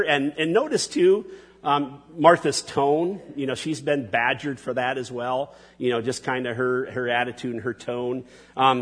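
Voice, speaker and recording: Halting pastor preaching in a reverberant hall. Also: male voice, fairly high pitch, slightly rough. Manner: halting, restarts often, folksy asides to the congregation. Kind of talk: sermon.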